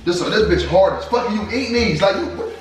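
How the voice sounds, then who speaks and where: A man's voice: sits high, expressive, brisk. A man ranting in a prank vlog, profane, stuttering and repeating himself. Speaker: vlogger, husband. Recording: echoey room, mic at a distance, music under it.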